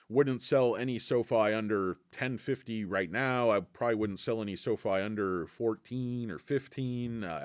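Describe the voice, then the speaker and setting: A middle-aged man with a medium-pitched voice, recorded with no echo, hosts a stock market livestream. He's excitable and jokey, chatting casually, reading out comments, and rambling with many fillers.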